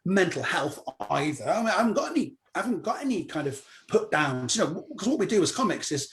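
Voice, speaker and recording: A middle-aged comedian from Cornwall, England, speaks a touch higher than most men, with big pitch swings and a quick pace. As an interview guest, he tells a loose, conversational anecdote casually and with animation, slipping into voices to act out what others said.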